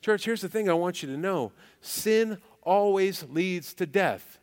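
A man's voice: high-pitched, animated, unhurried, darkish tone, in a large hall. A man preaching a sermon as pastor, emphatic and repeating phrases for weight.

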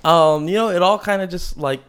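Chatty rambling man, slightly high voice. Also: brisk, fairly bright tone, clear, resonant tone. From Maryland. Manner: rambling, lots of fillers and laughs. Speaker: podcast guest. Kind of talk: casual interview chat.

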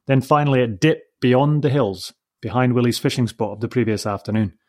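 Man reading a storybook, measured. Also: medium pitch. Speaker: narrator. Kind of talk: storybook narration.

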